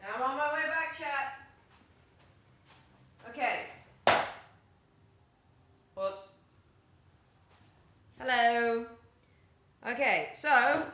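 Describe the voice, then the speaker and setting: A woman's voice: fairly high pitch, sharp tone. A young woman chatting casually with her live-stream chat while she bakes in her home kitchen, often stepping away from the mic. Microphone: streaming setup, often walks away from the mic. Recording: echoey kitchen with faint room noise.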